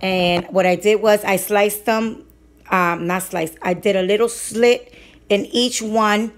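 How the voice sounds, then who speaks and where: A woman's voice: medium pitch, steady tone, takes it slowly. A woman talking casually through her cooking on a home vlog, chatty and rambling with many fillers. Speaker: couponing vlogger.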